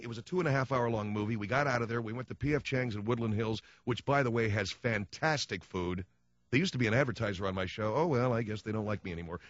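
A man's voice: medium pitch, a bit bright, no room sound, highs cut off. A man hosting a radio talk show, ranting sarcastically in a comic monologue.

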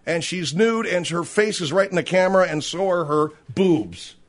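Guy on talk radio reading off a gossip item and riffing, kinda high voice for a man. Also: expressive, normal speed. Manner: reads news aloud and riffs on it. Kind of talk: casual talk radio chat.

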